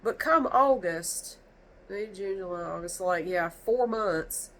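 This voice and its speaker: A woman's voice: fairly low pitch, slow pace, rough recording. A woman telling a storytime rant to camera, exasperated and rambling, with a stuffy nose from sneezing. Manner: exasperated, animated, rambling with restarts. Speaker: vlogger.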